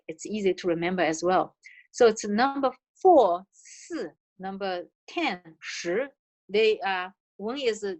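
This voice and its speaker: A middle-aged woman whose first language is Chinese, presenting an online language lesson over a video call with patient, careful demonstrations. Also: medium pitch. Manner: patient, demonstrates counting and tongue twisters slowly.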